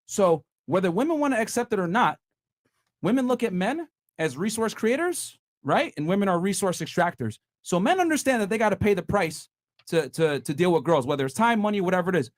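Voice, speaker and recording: A man's voice: high-pitched, very animated, a little fast, dry recording, clean studio sound. A man hosting a heated panel debate, blunt and profane, talking over the women around him. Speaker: podcast host.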